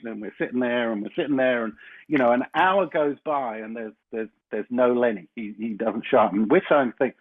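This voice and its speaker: A man guest on a chat show, telling a long rambling anecdote in a casual, animated way. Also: medium pitch, fairly quick. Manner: rambling storyteller, animated when recounting. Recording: slightly muffled lo-fi audio with faint noise.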